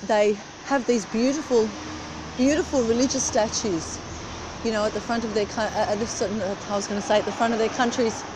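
A middle-aged woman talks into her phone as she walks along a street early in the morning, cold and chatty. Her voice sits a little high, and she drifts loosely from one thought to the next. Clear traffic noise runs behind her. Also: fairly even intonation, normal speed. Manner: chatty, rambling, walking while talking. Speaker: vlogger. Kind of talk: casual chat. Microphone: phone camera held while walking.

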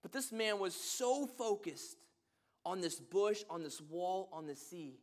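A man's voice: high voice, slow. A man preaching a sermon, reading scripture and telling stories earnestly.

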